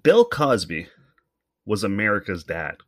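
A man from Canada delivers a solo comedic rant, talking in a fairly low voice. He swears freely and thinks aloud, circling his point before landing it. The sound is dry and close, with no room echo. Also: big pitch swings, a little slow. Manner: profane, rambling, thinking aloud. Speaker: commentator.

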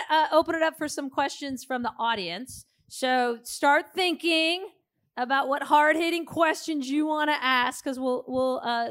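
A middle-aged woman hosting a live podcast, telling stories in an animated, laughing way. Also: high-pitched. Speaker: podcast host. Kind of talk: live podcast chat before an audience.

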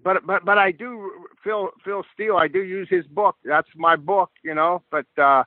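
An older man, a guest football coach, telling animated stories in a podcast chat and repeating words as he starts a thought. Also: high voice, moderate pace, no room sound. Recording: dry, tinny phone-like line.

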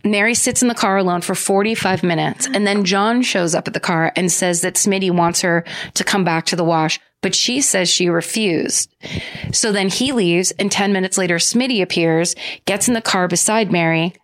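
A woman's voice: fairly low pitch, moderate pace. A woman co-hosting a podcast, telling a true-crime story in a chatty, joking way with lots of fillers. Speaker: podcast co-host.

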